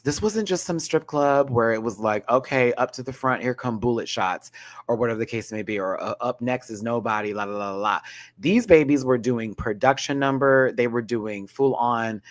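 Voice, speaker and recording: A young man telling a vlog storytime, dramatic and full of slang, with bursts of high laughter. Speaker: vlogger. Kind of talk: animated storytime rant.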